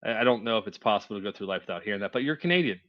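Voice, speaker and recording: A man's voice: on the low side, expressive, racing, lo-fi sound. A man hosting a show, giving casual, chatty commentary on court videos and often stumbling over his words.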